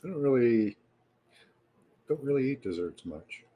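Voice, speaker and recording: A man with a Canadian accent, hosting a live stream in a relaxed, rambling way and chatting casually with viewers. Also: mid-range voice, measured pace, low-quality recording. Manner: relaxed and rambling, with frequent fillers. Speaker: livestream host.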